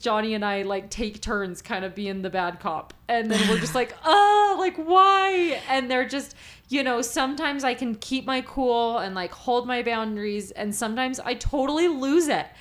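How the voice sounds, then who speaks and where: A woman's voice: a little high, measured pace. A young adult woman co-hosting a casual podcast chat, bubbly and chatty, laughing easily. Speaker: podcast co-host.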